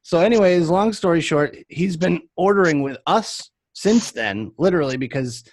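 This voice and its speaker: A man's voice: on the high side, expressive, moderate pace, no room sound. A man hosting a casual chat, telling rambling shop anecdotes with lots of fillers. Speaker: podcast host and vape shop worker.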